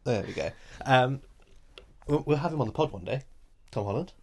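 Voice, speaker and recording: A man co-hosting a podcast in casual chat, relaxed, often laughing and pausing with ums. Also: medium pitch. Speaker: podcast co-host.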